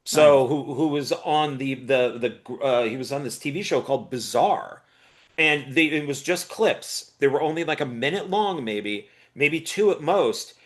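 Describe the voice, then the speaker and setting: A man co-hosting a film review chat, casually retelling comedy bits in an animated way. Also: fairly high pitch, unhurried.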